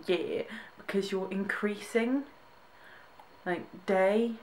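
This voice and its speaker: A woman's voice: medium pitch, steady tone, slow pace, a little hiss or hum. A young woman from Britain reacting to tweets in a casual vlog, amused, laughing often and restarting her sentences. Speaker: vlogger.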